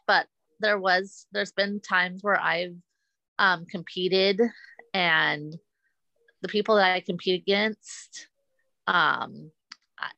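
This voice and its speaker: Earnest guest athlete, a woman from the United States who talks haltingly in a low, bright, gravelly voice. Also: dry recording, dull audio. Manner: earnest, halting, repeats herself. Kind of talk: casual interview chat.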